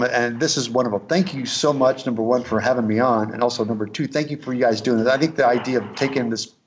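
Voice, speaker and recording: A man's voice: medium pitch, muffled recording, a little hiss or hum. A middle-aged man telling a long anecdote in a casual interview, rambling with restarts and quoted dialogue. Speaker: guest, costume and prop maker.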